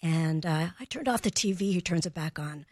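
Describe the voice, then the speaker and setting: Animated woman telling parenting stories. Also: fairly low pitch, normal speed, no room sound, studio quality. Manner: animated, acts out both sides of conversations. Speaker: parenting expert guest. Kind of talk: storytelling in a radio interview.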